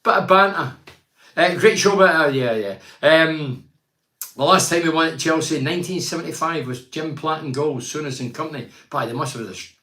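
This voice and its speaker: A man's voice: fairly high pitch, brisk, pushed and bright, echoey room. An older man from Teesside, hosting a casual chat show, reads out viewer comments and gives blunt, rambling opinions. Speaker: host reading viewer comments.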